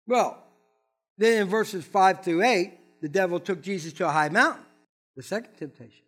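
High-voiced man preaching animatedly. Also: normal speed, slightly rough. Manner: animated, conversational preaching with asides. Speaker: pastor. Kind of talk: sermon.

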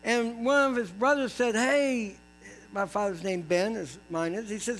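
A man's voice: high-pitched, a little slow, a bit bright, a little hiss or hum, poor audio. A man preaching a sermon as pastor, telling stories with folksy asides to the congregation.

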